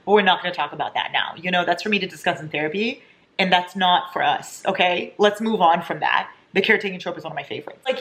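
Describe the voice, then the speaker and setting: Gushing young woman book vlogger. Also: lowish voice. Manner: gushing, excitable, swears casually. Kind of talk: casual reading vlog. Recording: echoey room with faint noise.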